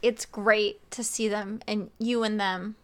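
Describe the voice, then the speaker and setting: A woman's voice: medium pitch, level tone, takes it slowly. A woman in her thirties, the host's wife, talking candidly about being away from her kids. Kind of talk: casual chat.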